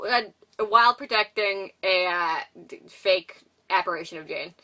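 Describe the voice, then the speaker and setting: Rambling young woman, bright, far from the mic. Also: fairly low pitch, normal speed. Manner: rambling, giggly, acts out characters' lines. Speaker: podcast co-host. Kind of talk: casual movie recap chat.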